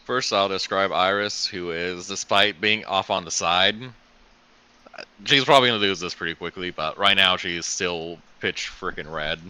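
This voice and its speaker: A man's voice: deep voice, normal speed, bright, forceful tone, clean tone. A man playing in a tabletop role-playing game, talking casually and a bit hesitantly. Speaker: player.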